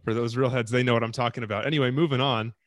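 A man co-hosting a podcast in deadpan comedic chat, reading scam emails aloud with mock-earnest grandeur. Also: mid-range voice, very fast, no echo. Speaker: podcast co-host.

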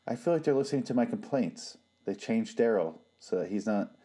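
A man's voice: lowish voice, lively intonation, fairly quick, mellow. A man giving casual, sarcastic and profane watch-along commentary on a TV show.

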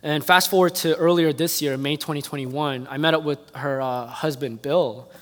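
A male pastor preaches in a church, his fairly high voice ringing out with a long hall reverb around it. He tells stories earnestly and builds toward passionate calls to his congregation. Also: steady tone, normal speed, fairly bright tone. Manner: earnest storytelling that builds to impassioned appeals. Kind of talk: sermon. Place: church sanctuary.

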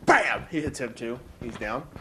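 A man co-hosting a casual podcast, recapping a movie scene by scene and acting out lines in high voices. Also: moderate pace, a little hiss or hum, poor audio. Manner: animated storyteller, acts out quotes in high voices. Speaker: podcast co-host.

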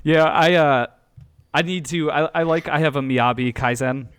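A man's voice: on the high side, moderate pace, smooth. A man co-hosting a podcast in casual chat, full of "like" and restarts, on a call. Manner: animated, filler-heavy, knife enthusiast talk. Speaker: podcast co-host. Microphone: remote call mic.

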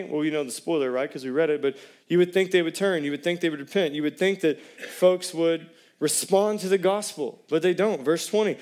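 Conversational preaching man, fairly high voice. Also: a little fast, a little mellow. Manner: conversational preaching with questions to the congregation. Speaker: pastor. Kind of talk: sermon.

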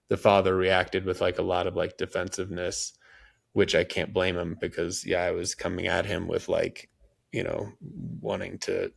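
A podcast host with a deep, heavily gravelly voice and a flat, level delivery. He talks in a candid, blunt and heated way, in casual chat.

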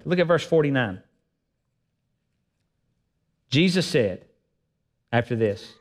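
High-voiced male preacher in a reverberant hall. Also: expressive, slow pace, pauses often. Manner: earnest, emphatic, repeats phrases for effect. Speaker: pastor. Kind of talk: sermon. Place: church sanctuary.

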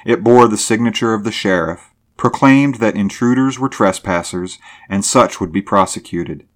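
Low-voiced male story narrator. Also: normal speed. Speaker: audiobook narrator. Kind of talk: scripted narration.

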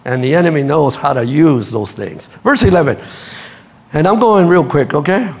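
A man preaching a sermon, telling stories with lively energy and speaking straight to his congregation. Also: on the high side, moderate pace. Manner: animated storytelling, acts out quotes, laughs at his own stories; addresses the congregation directly. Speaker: pastor.

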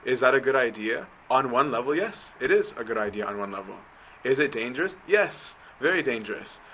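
Expressive and brisk, this male preacher speaks at medium pitch with a somewhat bright tone. His sermon is conversational, peppered with "right?" as he checks on his listeners, and the poor recording carries some hiss or hum.

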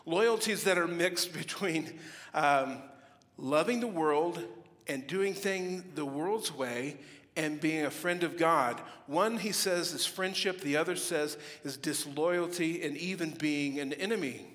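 A middle-aged pastor preaches with a fairly high, lively voice, telling funny stories and slipping into mock voices. His words ring out with a long echo in a church hall. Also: slow pace. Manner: humorous storytelling, animated with playful mock voices. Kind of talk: sermon. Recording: reverberant hall.

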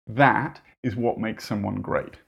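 A man's voice: on the low side, fairly even intonation, takes it slowly, gravelly. A man preaching a sermon in an earnest, conversational way, with wry asides.

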